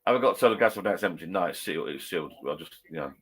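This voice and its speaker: Bloke, lowish voice, chatty and rambling, casual pub-style banter from a garden shed bar. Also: male voice, expressive, very fast, fairly bright tone, breathy edge. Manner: chatty, rambling, self-correcting. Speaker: vlogger chatting with live viewers.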